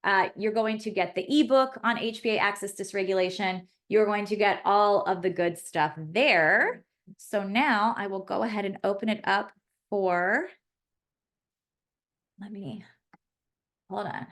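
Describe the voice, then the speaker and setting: A woman's voice: medium pitch, a little slow, a bit bright. A woman pharmacist hosting a live webinar class, chatty and effusive as she reads the chat and answers questions aloud.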